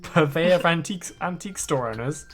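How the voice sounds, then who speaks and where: A woman's voice: low voice, expressive, fairly quick, vocal fry, pitched below the performer's own voice. A woman doing a chatty old British shop granny. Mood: gossipy. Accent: put-on British. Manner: folksy, calls people pet names. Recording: loud jazz game music behind.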